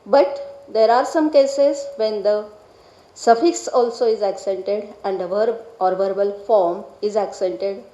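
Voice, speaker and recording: A woman reading out an academic lecture in a measured, deliberate way, carefully pronouncing technical Sanskrit terms. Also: mid-range voice, warm tone, reverberant, dull audio. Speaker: scholar presenting a paper. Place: lecture hall.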